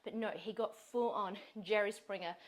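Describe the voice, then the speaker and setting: A woman, a fitness coach and host, telling a story in casual chat, animated, laughing often and swearing freely. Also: mid-range voice, normal speed.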